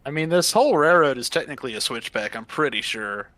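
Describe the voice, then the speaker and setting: A man's voice: mid-range voice, expressive, fast, bright, forceful tone, no echo. A man chatting casually while playing a game, joking and punning as he rambles on. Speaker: game player and co-host. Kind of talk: casual gameplay chat.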